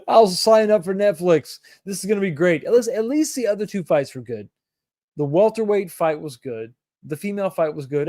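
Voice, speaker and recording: A man's voice: sits high, expressive, moderate pace, mellow, no echo, clean studio sound. A middle-aged man hosting a livestream, casually chatting and joking while greeting viewers by name. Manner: laid-back, jokey, greets viewers by name. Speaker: livestream host reading chat. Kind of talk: casual chat.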